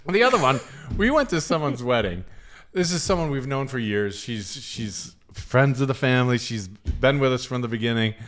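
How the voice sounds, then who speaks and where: A man's voice: mid-range voice, expressive, normal speed, a bit bright. Laughing, profane man co-hosting a podcast. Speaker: podcast co-host. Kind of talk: casual chat.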